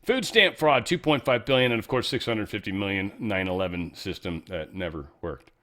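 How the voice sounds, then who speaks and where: A man's voice: fairly low pitch, expressive, moderate pace, pushed and bright. A man hosting a show, giving casual news commentary in a sarcastic, profane, ranting way. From California. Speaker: show host.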